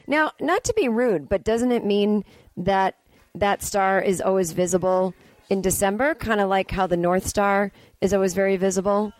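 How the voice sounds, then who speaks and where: A woman's voice: medium pitch, normal speed, no room sound. A woman podcast host recapping a movie from a family home in a sarcastic, chatty way.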